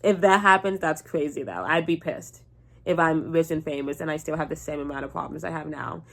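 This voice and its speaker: Young woman vlogger, low-ish voice, sleepy and rambling, swears casually. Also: brisk, vocal fry. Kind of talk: casual rant to camera.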